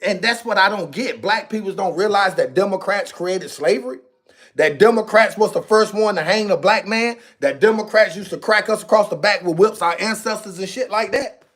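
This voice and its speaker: High-voiced man ranting on a live stream. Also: moderate pace. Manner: animated, preachy, repeats himself, slangy street talk. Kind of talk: casual political rant on a live stream.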